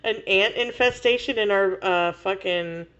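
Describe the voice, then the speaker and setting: A woman's voice: mid-range voice, unhurried, fairly bright tone, lo-fi sound. A woman livestreamer chatting casually with viewers, laughing often and swearing freely.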